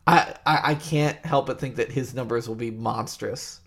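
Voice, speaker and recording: A man's voice: mid-range voice, moderate pace, fairly bright tone. Chatty male sports show co-host. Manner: hesitant, filler-heavy, laughs easily. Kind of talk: casual sports chat.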